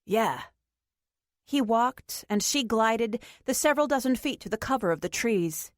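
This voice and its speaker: A woman's voice: a little high, animated, normal speed, no room sound. Woman narrating an audiobook, dry. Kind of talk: scripted narration.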